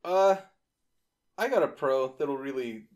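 A man's voice: medium pitch, lively intonation, slow pace, dull audio. A young adult man co-hosting a podcast, chatting casually with profane, joking, rambling asides. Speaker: podcast co-host. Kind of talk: casual chat.

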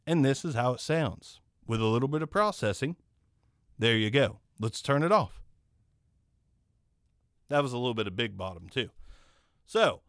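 A medium-pitched, slightly bright male voice with no echo belongs to a microphone reviewer and channel host. Recording on a condenser studio mic in his home studio, he rambles casually about the mic he's testing, joking and teasing himself along the way.

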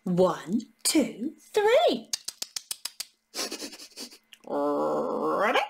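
A woman's voice: lowish voice, huge pitch swings, extremely slow, creaky, slight background noise. A woman reading a picture book aloud to young children, playful and full of gasps and sing-song counting. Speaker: children's storyteller.

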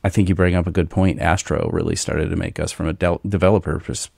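Deep gravelly man, slow joking host. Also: flat delivery, darkish tone, no room sound, clean studio sound. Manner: jokey, drawn-out slow phrases. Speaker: podcast co-host. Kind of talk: casual tech chat.

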